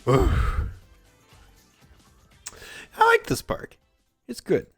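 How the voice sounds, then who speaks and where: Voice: medium pitch, wildly swooping pitch, extremely slow, pauses often, slightly rough, no echo, soft background music. A streamer from Texas, giving playful, giggly commentary while playing a game and sounding out German ride names.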